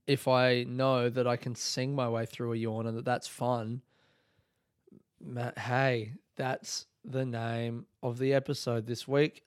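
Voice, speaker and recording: Casual male podcast host, average pitch, loose unscripted monologue with swearing and yawns. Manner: rambling, loose, swears freely; yawns often mid-talk.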